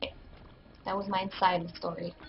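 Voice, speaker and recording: A woman's voice: mid-range voice, little pitch movement, brisk, gravelly, lo-fi sound. A woman with a French Canadian accent, chatting and giggling often while she plays a game on stream. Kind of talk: casual gameplay commentary.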